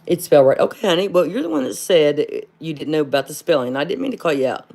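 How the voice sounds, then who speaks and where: A woman from hosting a casual livestream and answering viewer comments. She speaks bluntly, fills pauses with "uh", and calls everyone "honey". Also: low voice, big pitch swings, gravelly, darkish tone. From southern Ohio. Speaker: livestream host.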